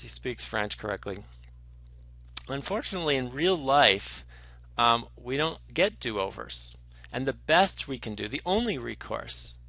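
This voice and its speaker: A man giving a conversational lecture who explains ideas through animated storytelling, with frequent ums and restarts. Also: fairly low pitch, gravelly, no room sound.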